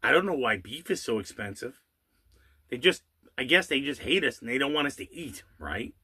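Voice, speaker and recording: Guy ranting slow and sarcastic, bright voice that jumps all over in pitch. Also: very animated, husky. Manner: angry, sarcastic rant with rhetorical questions and swearing; drawls some words slowly for emphasis. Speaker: channel host. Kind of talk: ranting monologue.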